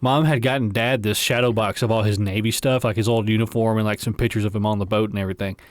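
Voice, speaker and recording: A man's voice: fairly low pitch, fairly even intonation, fast, no echo, studio quality. A man co-hosting a podcast, telling childhood stories in a laid-back way, swearing freely and laughing at his own tales. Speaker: podcast co-host. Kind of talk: casual storytelling chat.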